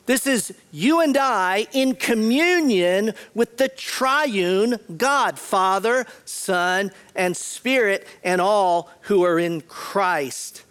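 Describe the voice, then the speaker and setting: A man preaching a sermon as pastor, earnest, often repeating words and clearing his throat. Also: high voice, very slow, hardly any pauses, fairly bright tone.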